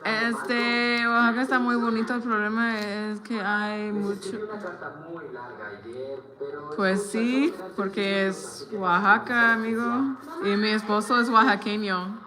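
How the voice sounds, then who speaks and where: This woman in her thirties from the United States livestreams in a relaxed way, mixing English and Spanish and saying hello to viewers. Her slightly high voice keeps a measured pace, with fillers and hesitation as she works on her crafts.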